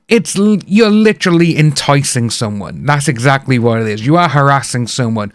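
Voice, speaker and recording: A man's voice: medium pitch, animated, moderate pace, few pauses, no echo. Chatty British man commenting. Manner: chatty, rambling, acts out quotes. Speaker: reaction video host. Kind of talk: casual commentary.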